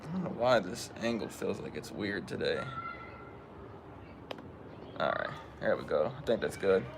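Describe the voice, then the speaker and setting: A man's voice: deep voice, animated, a little slow, a little hiss or hum. A man hosting a casual fishing live stream outdoors, chatting and greeting viewers by name. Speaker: fishing livestream host. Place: outdoors at home.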